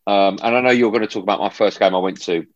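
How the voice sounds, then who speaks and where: Calling in remotely from a room at home, a football broadcaster tells animated stories in casual chat, restarting often. He speaks quickly in a lowish voice, and the audio is dull with no echo.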